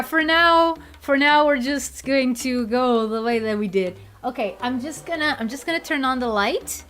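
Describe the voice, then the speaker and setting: Slow, laughing young woman streamer. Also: high voice, fairly bright tone. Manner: rambling, laughs often, repeats herself. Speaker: VTuber streamer. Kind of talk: casual chat.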